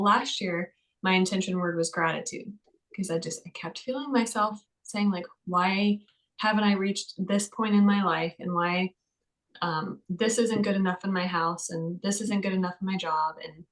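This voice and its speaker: A woman counselor chats as a podcast guest, telling everyday stories in a lively way. She fills her speech with casual asides. Her pitch sits in an ordinary middle range. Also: low-quality recording. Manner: chatty, lively storytelling with many fillers. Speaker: mental health counselor.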